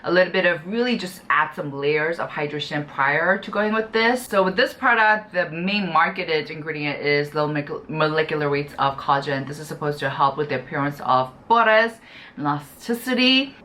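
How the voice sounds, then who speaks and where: A woman's voice: sits low, moderate pace, pushed and bright. A young woman chatting casually to camera as she reviews skincare products, gushing and full of "you know" and "like". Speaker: beauty YouTuber.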